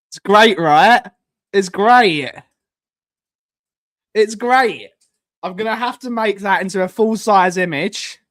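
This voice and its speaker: A man chats casually on his live stream, wandering from thought to thought. He repeats his lines and cracks jokes, and his voice sits a little on the high side. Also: slow, pauses often, a bit bright. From United Kingdom. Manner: rambling, repeats himself, jokey.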